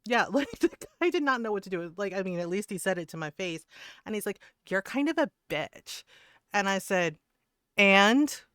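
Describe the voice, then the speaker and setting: A woman's voice: medium pitch, fast talker, fairly bright tone, clean tone. Blunt, laughing woman streamer. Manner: blunt, profane, laughs often. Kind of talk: casual chat while gaming.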